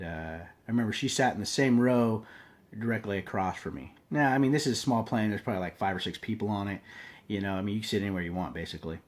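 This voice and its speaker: A man telling a personal story in a loose, earnest, conversational way, often saying "you know" and "man". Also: low-pitched. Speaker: storyteller sharing personal testimony. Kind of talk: casual spoken storytelling.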